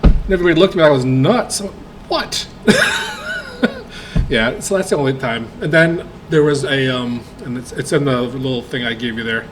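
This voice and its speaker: A man's voice: medium pitch, huge pitch swings, a little hiss or hum, poor audio. A man co-hosting a casual podcast chat, trading jokes and telling a story with many fillers. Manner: chatty, quick to laugh, trails off in fillers. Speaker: podcast co-host. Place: podcast studio.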